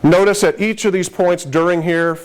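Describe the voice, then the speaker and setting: A man's voice: high voice, steady tone, moderate pace. A man giving a conversational live lecture to paramedics, stressing key points with frequent restarts. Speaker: emergency medicine lecturer.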